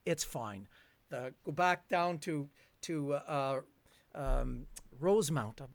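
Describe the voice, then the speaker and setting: A man's voice: fairly high pitch, slow pace, creaky, no echo. An older man, telling a long story as a guest, rambling and chuckling with plenty of fillers. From Canada. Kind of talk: storytelling in a conversation.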